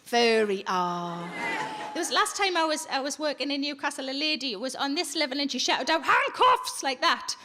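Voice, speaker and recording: A woman's voice: high-pitched, lively intonation, moderate pace. A woman stand-up comedian, bantering bluntly with a theatre audience on a handheld mic. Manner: blunt, sweary, chatty crowd work. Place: large theatre on stage. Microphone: handheld stage microphone. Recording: loud crowd noise from live show. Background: audience laughter.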